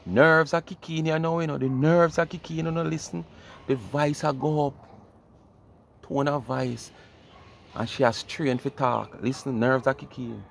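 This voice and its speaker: A man's voice: medium pitch, fairly even intonation, unhurried, creaky, slight background noise. A Jamaican man explaining his point in casual commentary, lecturing and asking rhetorical questions.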